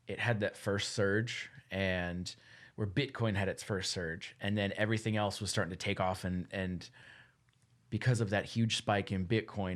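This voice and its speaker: A young man co-hosting a podcast, telling a rambling, relaxed story in casual chat. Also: lowish voice. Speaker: podcast co-host.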